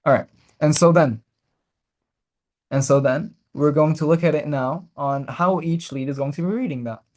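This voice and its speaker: A man's voice: fairly high pitch, moderate pace, a little mellow. A young man giving a medical lecture at a whiteboard, explaining step by step, often repeating himself and checking in with "right?". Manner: repetitive, checks in with "right?", restarts phrases.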